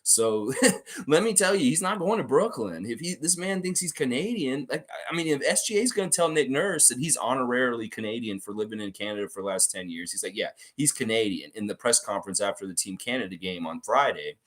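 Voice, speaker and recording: Animated male fan livestream host. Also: medium pitch, fairly quick. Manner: animated, reads viewer comments aloud and reacts. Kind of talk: casual livestream chat reading comments.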